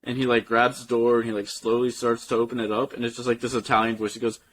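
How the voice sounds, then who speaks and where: A man's voice: mid-range voice, flat delivery, fast, a bit bright, a little hiss or hum, poor audio. Laid-back young man with bro slang. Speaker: podcast co-host. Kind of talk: casual chat.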